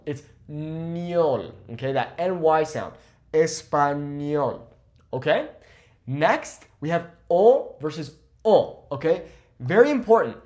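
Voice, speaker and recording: Male language teacher, slightly high pitch, emphatic, energetic, from Mexico. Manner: energetic, emphatic, often adds "okay?". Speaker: Spanish teacher. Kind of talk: online language lesson.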